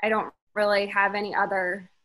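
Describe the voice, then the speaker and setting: Woman w a bright sharp voice, chill webinar answers, lots of "like". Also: mid-range voice, flat delivery, normal speed. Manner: casual, hedging, many fillers. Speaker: co-presenter on child habit therapy. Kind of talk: casual webinar Q&A.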